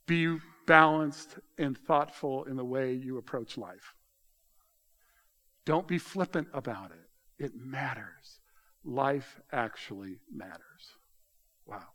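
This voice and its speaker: A man giving a sermon with a slightly raised pitch, talking to his congregation like friends. He unpacks word meanings and tells them what to underline. On key points he slows and lets his voice fall soft and low. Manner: slows for emphasis, drops soft on key phrases. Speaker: pastor.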